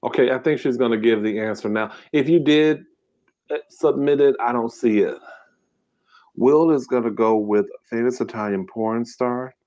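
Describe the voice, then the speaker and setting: A man's voice: medium pitch, moderate pace, darkish tone. Casual man hosting a live trivia game. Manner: reads quiz questions aloud and banters with chat, casual slangy talk. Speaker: mukbang host running a live trivia game. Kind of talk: casual live-stream chat.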